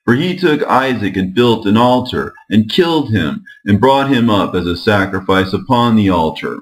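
A man's voice: lowish voice, animated, normal speed, natural voice. A man voicing Satan disguised as a humble, meek old man, speaking in archaic words. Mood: sly. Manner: meek and sly, archaic speech.

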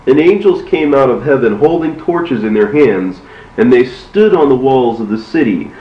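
A man giving a measured, steady scripture reading, recorded from a distance in an echoey room with a dull sound. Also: medium pitch. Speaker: reader.

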